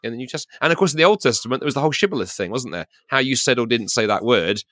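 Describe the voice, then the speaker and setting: A man's voice: medium pitch, animated, a bit bright, no room sound, clean studio sound. A man from South London with a Received Pronunciation English accent, co-hosting a podcast in a playful, chatty way, full of restarts and asides. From South London, England. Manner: rapid, chatty, many restarts and "you know"s, playful. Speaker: podcast co-host. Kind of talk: casual chat.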